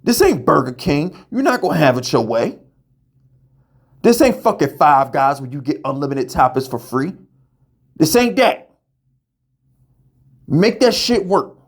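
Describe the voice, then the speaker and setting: A man's voice: fairly high pitch, very animated, normal speed, slightly rough. Fired-up profane man ranting. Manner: heated, profane, stammering repeats. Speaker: podcast host. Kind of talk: ranting fan commentary.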